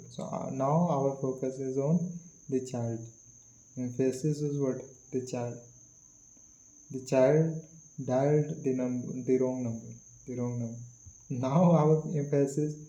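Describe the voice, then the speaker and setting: Slow, dark-voiced man teaching grammar. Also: mid-range voice. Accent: Indian English. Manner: slow, repeats words and phrases, many fillers. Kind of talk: slow classroom explanation. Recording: echoey room.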